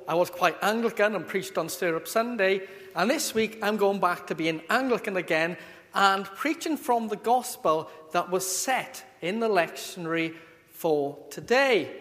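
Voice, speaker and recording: A man's voice: high-pitched, a bit bright. A man preaching a sermon, chatty and jokey in an informal way. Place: church. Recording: long church reverb.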